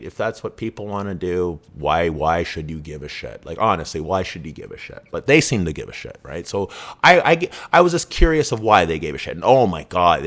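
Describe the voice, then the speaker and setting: Deep-voiced, rambling podcaster. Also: male voice, a bit bright. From Vancouver, Canada. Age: around 50. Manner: rambling, profane, full of "right?" and "you know". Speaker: true crime podcast host. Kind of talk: casual personal storytelling.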